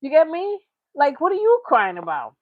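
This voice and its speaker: A woman's voice: high voice, huge pitch swings, moderate pace, dry recording, phone-quality sound. A woman hosting a reaction channel, talking in casual, chatty commentary with frequent laughs. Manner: chatty, laughing, slips into mocking impressions.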